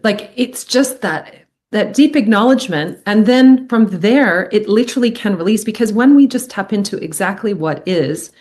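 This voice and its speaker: A middle-aged woman speaking as a podcast guest, earnest and animated, often acting out what people say. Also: mid-range voice, moderate pace. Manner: earnest, animated, acts out quoted speech. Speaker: podcast guest, medical intuitive. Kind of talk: reflective podcast conversation.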